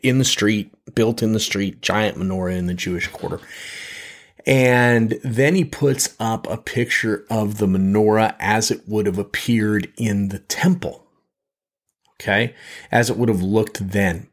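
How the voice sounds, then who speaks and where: A man's voice: lowish voice, unhurried. A man giving a Bible teaching in a conversational way, often restarting his phrases and checking in with "okay?". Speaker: preacher. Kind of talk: podcast teaching.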